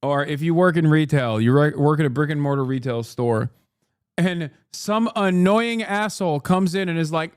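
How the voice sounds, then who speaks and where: A male streamer rants in heated, profane, sarcastic commentary. His voice sits fairly high for a man. The sound is dry and close. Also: moderate pace, clean tone, no echo. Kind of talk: live-stream rant commentary.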